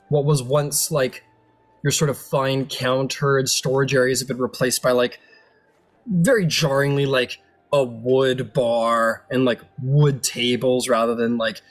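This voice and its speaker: A man narrating a tabletop game as game master, rambling with lots of fillers. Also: mid-range voice.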